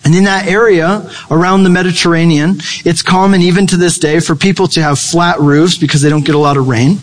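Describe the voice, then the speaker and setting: A man's voice: on the high side, fairly even intonation, a little fast. A male pastor preaching a conversational, humorous sermon, acting out quoted lines. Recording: long reverb of a large hall.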